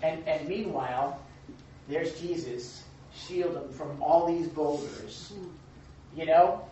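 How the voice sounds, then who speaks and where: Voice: mid-range voice, takes it slowly, dark tone. A Bible study leader speaking to a group in a very echoey church room, heard from a distance through a dull recording with faint hiss. The teaching is casual and conversational, filled with rhetorical questions. Now and then the speaker acts out little scenes with a raised voice.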